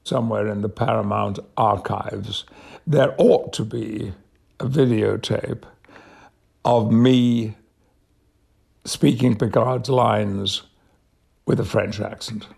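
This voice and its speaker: Gravelly older Englishman telling stories. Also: fairly low pitch, steady tone, darkish tone. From Yorkshire, England. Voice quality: gravelly, husky. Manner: measured storytelling with frequent chuckles. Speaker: actor, interview guest. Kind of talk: conversational anecdote.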